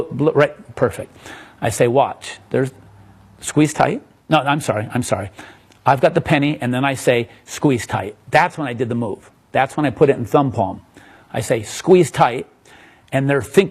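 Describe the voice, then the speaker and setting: A man's voice: fairly high pitch, breathy edge. A middle-aged man, a magician, casually walking someone through a coin trick, chatty and self-interrupting.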